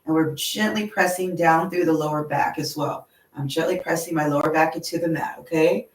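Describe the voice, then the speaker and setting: A woman leading a yoga class, gently talking students through stretches and breathing and checking in with "okay?". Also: low voice, steady tone, reverberant, recorded from a distance, rough recording. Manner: slow, gentle and encouraging, with frequent "okay?". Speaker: yoga instructor. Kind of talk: guided yoga class instruction. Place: yoga studio.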